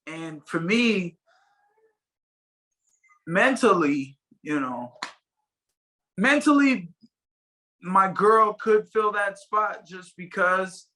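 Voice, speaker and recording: Bright-voiced man rambling in an interview. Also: high voice, takes it slowly, few pauses, low-quality recording. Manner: rambling, many fillers and restarts. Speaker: fighter interviewed as guest. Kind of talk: casual interview chat.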